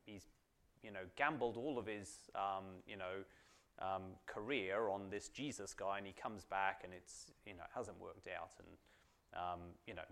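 A man with a slightly low voice teaches a small group in a relaxed, conversational way. He fills pauses with "um" and keeps asking "right?" as he explains. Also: creaky. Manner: chatty, frequent fillers and tag questions. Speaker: Bible study teacher. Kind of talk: informal teaching talk to a group.

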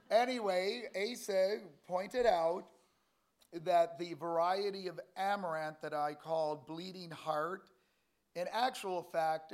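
Chatty man teaching Bible school. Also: a little high. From Canada. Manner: chatty and joking, rambling with many fillers. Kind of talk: informal Bible class talk.

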